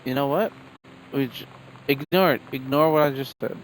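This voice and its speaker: A man's voice: mid-range voice, normal speed, a little hiss or hum, low-quality recording. A man streaming a game live, reading in-game letters and notes aloud and reacting offhandedly between them. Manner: reads documents aloud, then reacts offhandedly.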